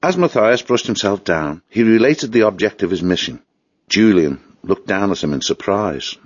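A man reading a storybook aloud in a steady, expressive voice. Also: fairly low pitch, moderate pace, dry recording, highs cut off. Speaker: narrator. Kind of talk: storybook narration.

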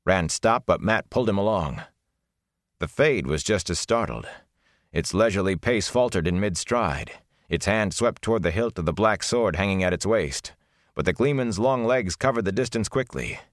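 A man narrating a fantasy novel in a measured, deliberate storytelling manner, recorded on a close mic. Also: fairly low pitch, lively intonation, dry recording. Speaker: audiobook narrator.

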